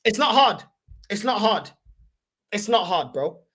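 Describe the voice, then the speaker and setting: A woman's voice: mid-range voice, animated, measured pace, fairly bright tone, breathy edge. A woman hosting a fan channel, ranting heatedly in slangy, repetitive reaction commentary.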